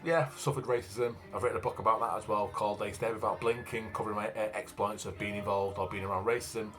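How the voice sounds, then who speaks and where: Lowish and fairly bright, this man's voice keeps a fairly even intonation as he talks quickly. He's a vlogger and author in his fifties from Manchester, England, and in a broad Manchester accent he describes himself in a plain-spoken, filler-heavy casual monologue. Faint music sits in the background.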